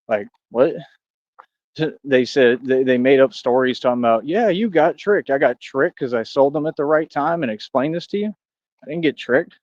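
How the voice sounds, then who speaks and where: A man's voice: medium pitch, darkish tone, no echo, dull audio. A man in a rambling livestream rant, boastful and combative, talking straight at his critics. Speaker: streamer.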